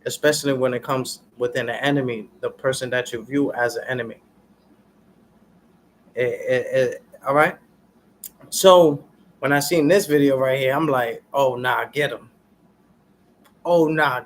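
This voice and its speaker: A man vlogging in a casual, preachy rant full of street slang, often turning to his viewers with "y'all" and getting loud and animated when worked up. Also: mid-range voice, slight background noise. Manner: street slang, repeats "y'all" and "you understand what I'm saying". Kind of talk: casual ranting commentary to viewers.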